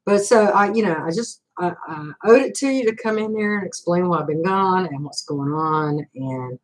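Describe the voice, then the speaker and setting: Chatty older woman, lowish voice. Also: normal speed, rough recording. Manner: chatty, rambling storytelling with acted-out quotes; frequent laughs and fillers. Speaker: channel host. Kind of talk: casual livestream chat.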